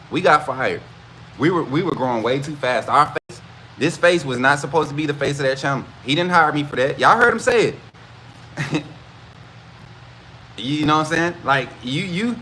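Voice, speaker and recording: A man hosting a casual football livestream, talking straight to his chat with animated, repetitive hype. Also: a little high, slight background noise. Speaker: host of a college football livestream.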